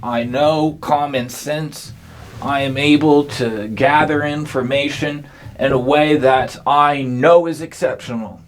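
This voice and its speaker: A man hosting an absurd comedy monologue, rambling and deadpan. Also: a little high, slow. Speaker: comedian host.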